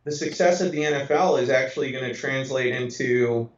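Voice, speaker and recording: A man co-hosting a casual fantasy football podcast, talking in a relaxed, conversational way. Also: medium pitch, fairly quick. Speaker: podcast co-host. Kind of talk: casual sports chat. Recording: echoey, dull lo-fi sound.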